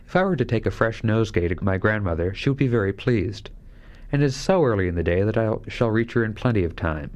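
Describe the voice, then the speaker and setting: A man's voice: fairly low pitch, expressive, fast, a little mellow, natural voice. A man reading a fairy tale aloud, voicing an innocent, polite young girl who speaks earnestly and trustingly.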